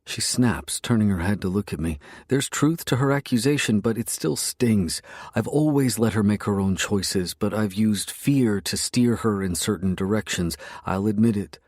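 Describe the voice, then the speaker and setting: A man narrating a romance story in the first person, with a low, brooding, intense delivery. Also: moderate pace, darkish tone, dry recording, clean studio sound.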